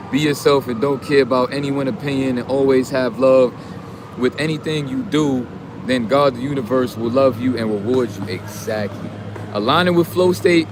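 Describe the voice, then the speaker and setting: A man giving a casual, profane motivational rant in street slang, preaching and sometimes shouting. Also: medium pitch, noisy background. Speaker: streamer giving motivational talk.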